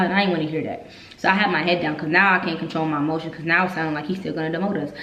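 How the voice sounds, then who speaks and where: A woman recounts her own story in a candid, heartfelt rush. Her voice sits on the low side and the room around her rings with echo. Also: very fast. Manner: emotional, candid, repeats herself when upset. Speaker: vlogger telling her army story. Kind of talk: casual storytelling vlog. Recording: echoey room.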